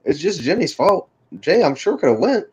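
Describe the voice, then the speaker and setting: A man's voice: high-pitched, big pitch swings, normal speed, a little mellow, slightly rough, lo-fi sound. A man co-hosting a casual podcast, trading crude jokes with his friends. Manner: crude, joking banter. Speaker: podcast co-host. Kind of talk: casual chat.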